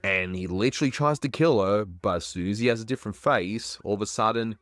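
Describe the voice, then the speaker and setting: A man's voice: lowish voice, a little fast, a bit bright, no echo. A man hosting a review show, wrapping up with wry, matter-of-fact comments. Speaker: host.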